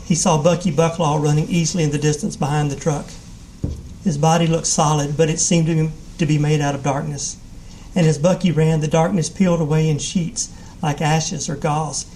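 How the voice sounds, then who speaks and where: A man narrating a short story aloud at a live reading. His pitch sits a bit high, yet his tone is soft and mellow. A faint hum lies under his voice. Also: steady tone, moderate pace, poor audio. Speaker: reader.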